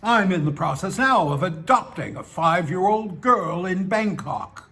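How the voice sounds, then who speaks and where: A man's voice: sits high, lively intonation, measured pace, pushed and bright, heavily acted. A man voicing a lonely seventy-six-year-old man who talks in a hesitant, self-justifying way. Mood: wheedling. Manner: hesitant, wheedling, protests too much.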